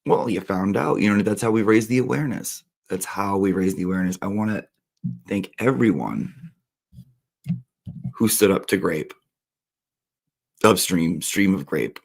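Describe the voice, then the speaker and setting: A man's voice: sits low, animated, moderate pace, gravelly, pauses often. A man hosting a comic monologue in a campy, punning way, talking to his audience like a teacher giving a class. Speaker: comedy host.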